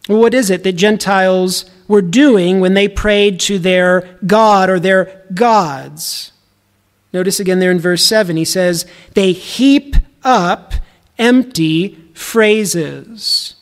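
A man's voice: high-pitched, fairly even intonation, unhurried. A man in his thirties preaching a conversational, earnest sermon to his congregation. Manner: earnest, conversational, repeats words when restarting. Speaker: pastor.

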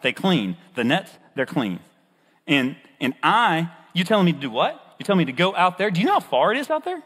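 A preacher acting out a reluctant, excuse-making fisherman, his husky voice jumping high in comic disbelief. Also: very animated, slow, pushed and bright, full character voice. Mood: incredulous, excuse-making. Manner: incredulous, pitch jumping high, comic pleading. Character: fisherman Simon, animated young man, reluctant and excuse-making. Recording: husky voice in a reverberant hall.

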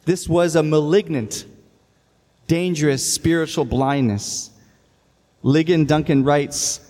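A man's voice: on the high side, takes it slowly, long pauses, darkish tone, in a large hall. A man preaching a sermon as a pastor, earnest and reading scripture aloud with emphasis.

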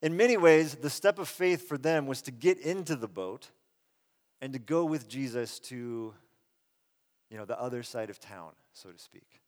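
Earnest pastor preaching in a big hall. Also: male voice, medium pitch, normal speed. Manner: conversational and earnest, swelling loud then dropping soft. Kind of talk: sermon. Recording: long reverb of a large hall.

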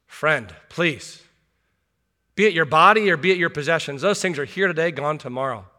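Middle-aged male pastor delivering a sermon, high and bright, earnest with wry asides. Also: fast talker. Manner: earnest, rhetorical questions, self-deprecating asides. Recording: long hall reverb.

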